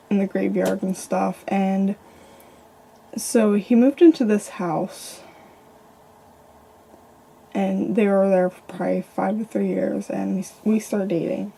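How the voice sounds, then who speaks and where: Gravelly young woman telling a ghost story. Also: medium pitch, mellow. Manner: chatty, rambling, filled with "like" and "um". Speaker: paranormal vlogger. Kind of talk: casual storytelling to camera.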